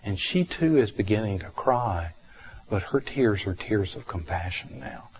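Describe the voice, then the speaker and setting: A man with a fairly low voice gives a reflective meditation talk. He speaks gently and without hurry, pausing often and filling gaps with soft fillers as he tells a story from his counseling work. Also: lively intonation. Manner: gentle, unhurried, with frequent fillers and pauses.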